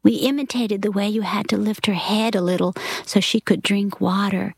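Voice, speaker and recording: A woman reading a novel aloud in a soft, reflective way that drops into a whisper at times. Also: mid-range voice, fairly even intonation, normal speed, vocal fry, husky, no echo. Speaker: reader.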